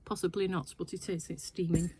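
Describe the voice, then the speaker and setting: An older woman, a sewing vlogger, tells a rambling, chatty story in her sewing shed, wandering into asides as casual storytelling. Her voice is fairly low and dark with a breathy edge, moves little in pitch, and runs a little fast.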